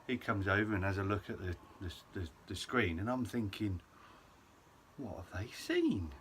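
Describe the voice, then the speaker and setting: A man's voice: fairly low pitch, fairly quick, fairly bright tone, a little hiss or hum. Chatty guy telling a funny story. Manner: chatty, self-mocking, lots of ums and et ceteras. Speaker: vlogger. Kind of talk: casual storytelling to camera.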